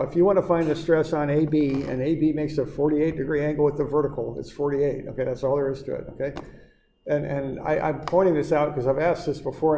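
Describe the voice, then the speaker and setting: A gravelly-voiced man lectures an engineering class in an easygoing, repetitive manner, often checking in with his students. His voice is dark and mellow. The sound is roomy, with a faint hiss in the background. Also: fairly high pitch. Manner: relaxed, repetitive, reassuring explaining. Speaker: engineering instructor. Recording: echoey classroom with faint noise.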